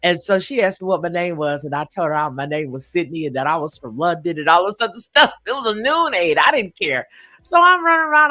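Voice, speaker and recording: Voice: mid-range voice, expressive, brisk, bright, forceful tone, no echo. A live-stream host telling a personal story in a reflective way, often chuckling and using fillers.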